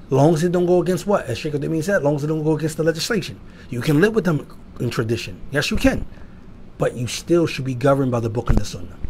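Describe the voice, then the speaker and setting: A man giving an emphatic sermon-style lecture, asking rhetorical questions and swinging from loud to quiet. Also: mid-range voice, a little hiss or hum. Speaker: lecturer at an Islamic institute.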